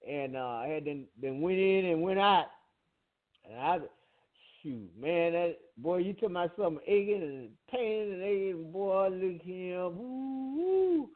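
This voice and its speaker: Animated storytelling man on a phone line. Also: sits high, unhurried. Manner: animated storyteller, acts out quotes, laughs often. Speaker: host. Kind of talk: casual storytelling on a call-in show.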